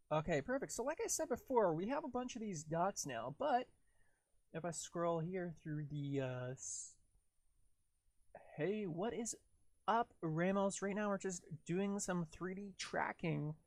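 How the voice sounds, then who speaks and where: On a livestream, a man with a high, slightly mellow voice walks through his video editing in a casual tutorial, joking and rambling as he narrates each step. The recording is dry.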